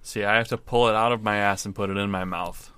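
A man with a fairly low, keen, tense-edged voice chats bluntly on a podcast, deadpan and fond of swearing. His sound is close and dry, with no room around it. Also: fast, clean tone, dry recording. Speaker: podcast co-host. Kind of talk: casual chat building a game character. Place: at home with a poster behind him.

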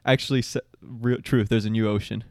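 A man's voice: lowish voice, steady tone, fairly quick, a little mellow, no room sound, studio quality. A young man co-hosting a podcast, joking around, playfully stubborn and laughing often. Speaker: podcast co-host. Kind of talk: casual chat.

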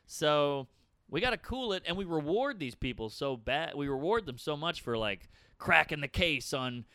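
A man, a stand-up comedian, talking in a rapid, animated, rambling way as a guest in a casual chat. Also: on the high side, smooth, no echo, clean studio sound.

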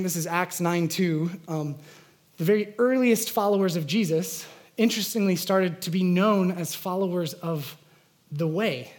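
A male pastor preaching a sermon in a relaxed, conversational way. He talks earnestly and stops to restart his thoughts, with plenty of fillers along the way. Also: high-pitched.

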